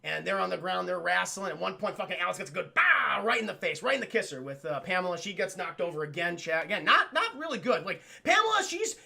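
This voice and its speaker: A male streamer recapping a film scene by scene in an animated, profane way, always calling out to his chat. His voice is high and gravelly, with a tense, bright edge. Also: fast, hardly any pauses. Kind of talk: casual livestream film recap.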